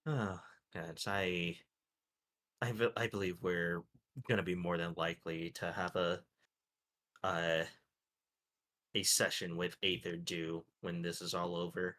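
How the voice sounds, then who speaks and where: A man chatting as a player in a tabletop game, halting and laughing often. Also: low-pitched, steady tone, a bit bright. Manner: halting, laughing, many fillers. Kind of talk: tabletop role-play chat.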